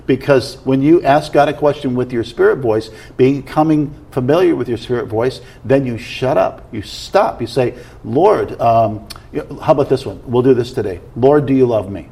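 A man's voice: medium pitch, normal speed, vocal fry, dark tone, breathy edge. A man teaching about prayer in conversation, explaining in an earnest way and often checking that he is followed.

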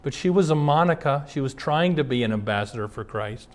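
A man's voice: mid-range voice, expressive, a little fast. A man, a pastor, giving an earnest sermon built around personal stories, reading passages aloud and then recounting anecdotes from his ministry. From Twin Cities area.

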